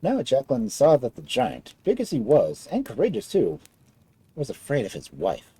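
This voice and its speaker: A man reading a fairy tale aloud as a storyteller, in an expressive style. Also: moderate pace, breathy edge, no echo, poor audio. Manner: expressive storybook reading with wide swings in pitch.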